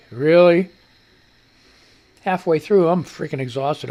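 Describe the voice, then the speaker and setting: A man with a fairly high, animated voice talks at a measured pace while hosting a live stream, a bit out of breath. He rambles casually, swears freely, and pokes fun at himself.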